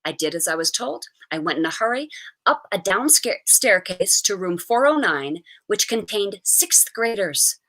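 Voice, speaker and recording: A woman reading a short story aloud with an expressive, animated delivery. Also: mid-range voice, unhurried. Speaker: reader.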